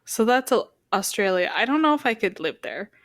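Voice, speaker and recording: A woman's voice: mid-range voice, very animated, a bit bright, no room sound. Young woman cohost, giggly storyteller, dry close sound. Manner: giggly, storytelling, quick bursts of laughter. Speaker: podcast co-host. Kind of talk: casual chat.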